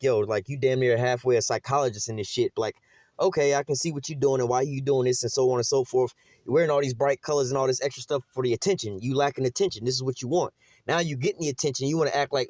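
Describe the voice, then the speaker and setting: Fast-talking blunt man preaching casually. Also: mid-range voice, a little mellow, no room sound. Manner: rambling and blunt, with slang and profanity; repeats "whatever, whatnot" and "you see what I'm saying". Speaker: religious teacher. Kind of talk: casual scripture commentary.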